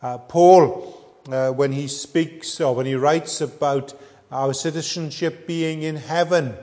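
A middle-aged man preaching a sermon, earnest and measured, pausing often with ums. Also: fairly high pitch, steady tone, mellow. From Wales. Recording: echoey hall with long reverb.

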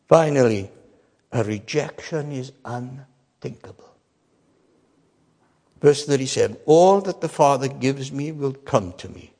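A man preaching a sermon with emphasis, swinging between loud declarations and quiet asides. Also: mid-range voice. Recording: long reverb of a large hall.

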